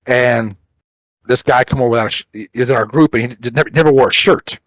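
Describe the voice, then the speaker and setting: A man's voice: medium pitch, fast, no echo, low-quality recording. Casual man telling a rowdy story. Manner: animated, acts out quotes, swears casually. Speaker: podcast co-host.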